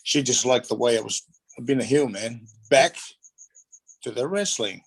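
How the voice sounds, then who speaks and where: A man, a middle-aged Australian, rambles through stories from his wrestling days in a chatty interview. His voice has a gravelly rasp at medium pitch. He slips into playful impressions of the people in his tales. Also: moderate pace, low-quality recording. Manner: rambling, animated, acts out voices in anecdotes. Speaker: guest, retired wrestler. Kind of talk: casual storytelling interview.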